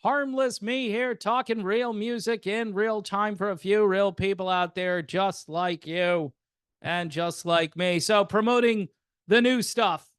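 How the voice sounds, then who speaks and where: A man's voice: high-pitched, fairly bright tone, clear, resonant tone, no echo, clean studio sound. An older man hosting a music channel, giving casual, rambling commentary in a sardonic, chatty way with plenty of fillers.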